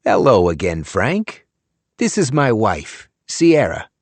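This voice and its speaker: A man's voice: lowish voice, sing-song, slow, no room sound, exaggerated voice. A man doing a smug elderly lawyer. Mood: boastful. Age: older. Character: elderly male lawyer, shrunken, smug and doting.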